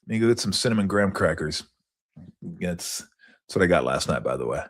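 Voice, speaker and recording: Middle-aged guy hosting a sports show solo, low-ish voice, rambles and swears a lot. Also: lively intonation, fairly quick. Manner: rambling, profane, acts out quotes in high mocking voices. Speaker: sports talk show host. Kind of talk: casual solo rambling recap.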